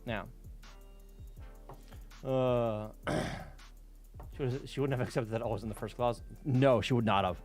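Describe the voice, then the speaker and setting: A man streamer telling casual stories on a live stream, animated, swearing and laughing often. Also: medium pitch, unhurried, long pauses, faint music behind.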